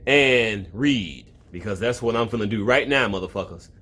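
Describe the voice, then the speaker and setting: A man's voice: fairly low pitch, normal speed, bright, forceful tone. Rambling, profane man. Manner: loose, rambling, heavy swearing, often interrupted. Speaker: online video host. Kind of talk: profane comedic commentary. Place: at home, with a cat in the room.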